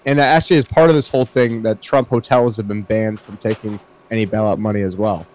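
A man's voice: lowish voice, fairly even intonation, brisk, darkish tone. A man talking as a guest in a casual chat, hesitant with many restarts. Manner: hesitant, full of restarts and fillers.

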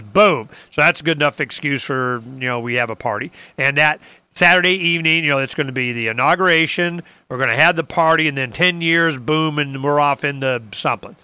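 Bright, crisp-voiced man, rambling host. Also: fairly high pitch, a little fast, no echo. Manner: rambling, animated, sarcastic asides. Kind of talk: casual political talk.

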